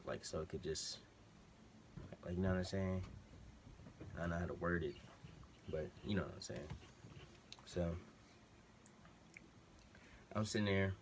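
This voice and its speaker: A man's voice: low voice, slight background noise. A man vlogger telling a story casually at home, slangy and rambling, with many side digressions. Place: room at home with a TV on behind.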